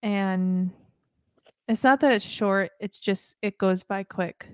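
A woman in her thirties co-hosts a casual podcast chat, earnest and rambling, quick to laugh. Her voice sits at an everyday middle pitch. The sound is close and dry, with no room around it. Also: darkish tone, smooth, dry recording. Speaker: podcast co-host.

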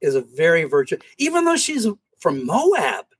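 Husky-voiced man leading Bible study. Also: fairly high pitch, moderate pace. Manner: animated, acts out scripture scenes in voices. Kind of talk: casual Bible study discussion. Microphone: camera mic.

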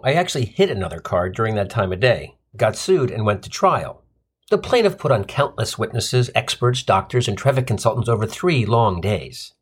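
A man hosting a comedy show, telling sardonic stories in an animated way. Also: medium pitch, slightly rough. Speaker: comedy podcast host. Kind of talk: comic storytelling monologue.

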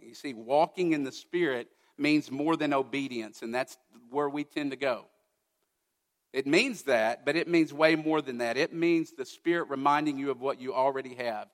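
A man's voice: mid-range voice, normal speed, long reverb tail. A man preaching a sermon as pastor, earnest and conversational, with personal asides to the congregation. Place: church sanctuary.

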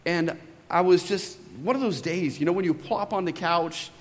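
A man in his thirties preaching a sermon as pastor, reading scripture dramatically with emphatic swells and drawn-out phrases, then telling a relaxed story with asides to the congregation. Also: high-pitched. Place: church sanctuary. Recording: long hall reverb.

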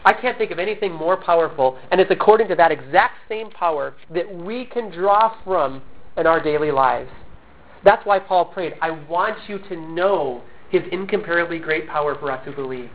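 On a tinny, phone-like recording, a man whose voice sits on the high side delivers a sermon at normal speed. As a pastor he is emphatic and sincere, while poking fun at himself now and then. He hasn't quite shaken off a cough.

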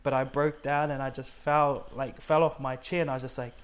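This New Zealand man, a guest telling his faith testimony, has a mid-range voice with a level tone and a fairly quick pace. Earnest in conversation, he voices the words people said, his own included, and uses lots of fillers.

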